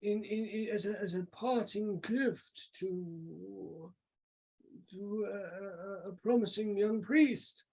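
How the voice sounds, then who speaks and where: A man voicing a courteous male priest of a church in a tabletop game, speaking politely with gentle hesitations and a formal, welcoming manner. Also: high-pitched, slow, vocal fry, breathy edge, heavily acted, poor audio.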